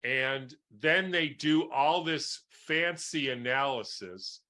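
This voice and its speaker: Slow, bright-voiced man explaining. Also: medium pitch. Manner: explains with homely analogies, keeps asking "right?". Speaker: guest doctor. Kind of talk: interview answer.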